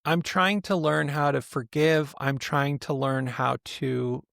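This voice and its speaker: Man, podcast co-host, gravelly, slightly high voice, dry close sound, rambling casual talk. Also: steady tone, measured pace, a bit bright, no echo. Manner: laughs often, loose rambling storytelling. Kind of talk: casual chat.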